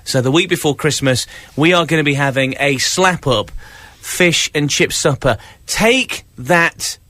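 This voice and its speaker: Teasing radio host, slightly high voice. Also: male voice, expressive, a little slow, sharp tone. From England. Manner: teasing, reads news stories aloud with mock drama. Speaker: radio breakfast show host. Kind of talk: casual radio banter.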